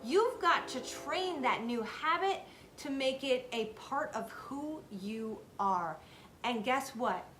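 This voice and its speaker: A woman's voice: high-pitched, animated, slow, fairly bright tone, soft background music. A woman in her thirties giving a casual motivational talk to her viewers, earnest and emphatic, repeating phrases for stress. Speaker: self-help video host.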